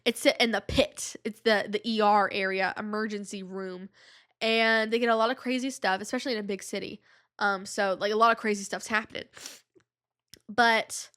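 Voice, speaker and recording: A woman's voice: mid-range voice, pushed and bright. A woman hosting her podcast in casual solo chat, rambling and drifting between thoughts, with a stuffy nose. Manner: rambling, digressive, heavy use of "like". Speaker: podcast host.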